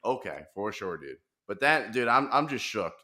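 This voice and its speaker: A man hosting a casual podcast, talking in animated, profane rants with bursts of laughter. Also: on the low side, moderate pace. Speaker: podcast host.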